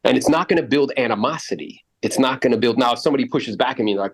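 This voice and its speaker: A man coaches agents on a podcast, talking bluntly and swearing freely. He acts out both the seller and the agent as he goes, at a mid pitch. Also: fast talker, husky. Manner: blunt, profane, animated, acts out both sides of calls. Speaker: real estate coach and podcast host. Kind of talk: coaching talk with acted-out sales scripts.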